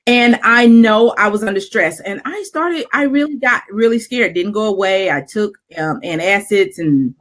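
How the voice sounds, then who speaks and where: A middle-aged woman shares a personal story in a candid, animated way. She laughs easily and restarts her sentences often. Her pitch sits in the middle of the usual range. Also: normal speed, few pauses.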